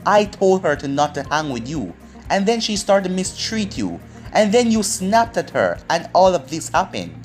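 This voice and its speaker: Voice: medium pitch, big pitch swings, normal speed, lightly acted. A fan-fiction reader voicing a young woman weighed down by guilt, read in a plain storybook style over faint music. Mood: distressed.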